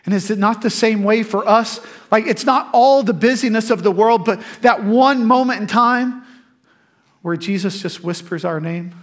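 A man preaching a sermon as pastor, emphatic and animated, breaking into laughing asides. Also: high voice, moderate pace, few pauses.

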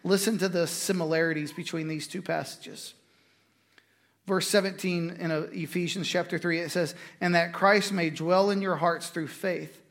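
A man preaching a sermon in a conversational way, with quick asides and restarts. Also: sits high, fairly even intonation, fairly bright tone. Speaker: pastor.

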